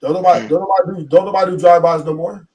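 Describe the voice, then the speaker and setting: A man with a Los Angeles accent, talking in a streetwise, emphatic way as a podcast guest. His voice sits somewhat high for a man. He sounds a little away from the mic. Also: steady tone, very fast, a little mellow, far from the mic. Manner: streetwise, emphatic, repeats himself. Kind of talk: casual podcast conversation.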